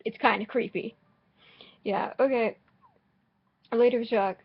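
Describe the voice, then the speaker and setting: A woman rambles through casual commentary on her game, dry and sarcastic, with blunt swearing and frequent false starts. She talks at an unhurried pace. The recording is a little dull and lo-fi, like a cheap home microphone. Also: on the high side, fairly even intonation, husky. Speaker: gaming vlogger.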